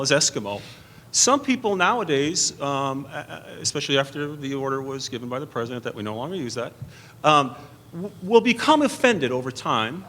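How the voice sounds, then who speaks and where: A man's voice: medium pitch, a bit bright, slight background noise. A middle-aged man answering in a debate from a stage podium, earnest and stumbling over restarts. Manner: earnest, repeats and restarts under pressure.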